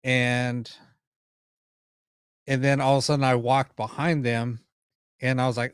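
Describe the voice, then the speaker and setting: A man's voice: mid-range voice, steady tone, normal speed, no room sound, clean studio sound. A man hosting a paranormal live stream, telling stories casually with lots of ums, restarts and the odd curse word. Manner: rambling, many ums and restarts, mild swearing.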